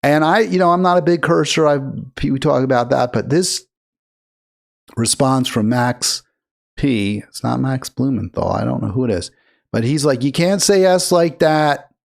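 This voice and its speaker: A man's voice: mid-range voice, normal speed, vocal fry. A man hosting a live political call-in show, talking in a sarcastic, mocking, rambling way.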